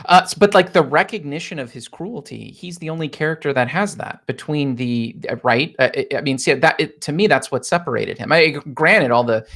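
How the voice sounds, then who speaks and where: A man's voice: a little high, brisk, few pauses, a bit bright. Questioning man with frequent restarts. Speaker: podcast co-host. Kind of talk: casual roundtable discussion.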